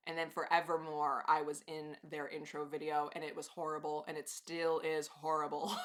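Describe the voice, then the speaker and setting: Woman, live streamer, casual rambling chat, frequent laughs, bright forceful tone, lowish pitch. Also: level tone, moderate pace. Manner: rambling, chatty, laughs often, swears casually.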